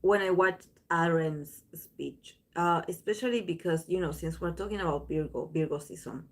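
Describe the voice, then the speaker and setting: A woman's voice: on the low side, normal speed. A woman hosting a tarot channel, chatting casually to viewers in a rambling way, full of restarts and fillers.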